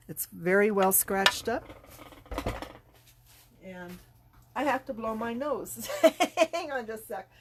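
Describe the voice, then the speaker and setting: Congested middle-aged woman, unhurried and chatty, craft tutorial host. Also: medium pitch, slight background noise. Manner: chatty, unhurried, talks while working. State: congested, sniffling. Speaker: card-making class teacher.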